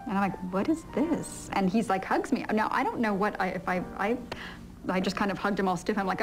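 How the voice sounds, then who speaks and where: A woman's voice: medium pitch, a little fast, low-quality recording. A middle-aged woman in a candid interview, telling a story with giggles and acting out her own past lines. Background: music.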